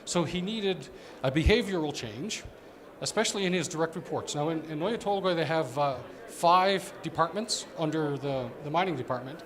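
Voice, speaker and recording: A man's voice: fairly high pitch, moderate pace, a crowd in the background. A man giving a conversational conference presentation as an operations executive, explaining with fillers.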